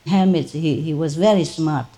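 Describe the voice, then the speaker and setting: A woman, a spiritual teacher, telling a story to her disciples in an animated, informal way, laughing often. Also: deep voice, moderate pace.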